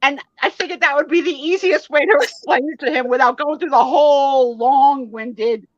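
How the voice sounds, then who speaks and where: Woman, middle-aged, host, animated storyteller, slightly high voice, dry muffled sound. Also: normal speed, dry recording. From United States. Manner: animated, laughing, acts out quoted lines. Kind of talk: casual live-stream storytelling.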